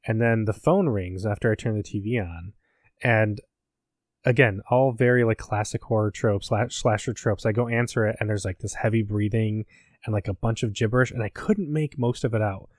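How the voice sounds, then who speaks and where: A man's voice: on the low side, moderate pace, a little mellow, dry recording, studio quality. A man in casual chat recapping a game, rambling, profane and self-mocking. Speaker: podcast host, academic.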